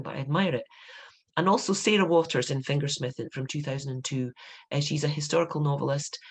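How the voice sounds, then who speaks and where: Scottish woman author, 50s, lecturing writers; emphatic, animated, quick to indignation. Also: low-pitched. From Scotland. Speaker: author giving a writing talk. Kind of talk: instructive talk to writers.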